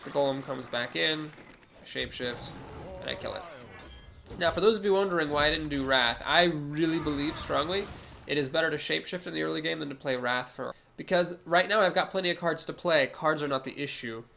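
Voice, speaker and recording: Nasal, gravelly man with a cold. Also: on the high side, fairly quick, pushed and bright. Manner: analytical, talks through each move aloud. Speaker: streamer playing a card game. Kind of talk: casual gameplay commentary.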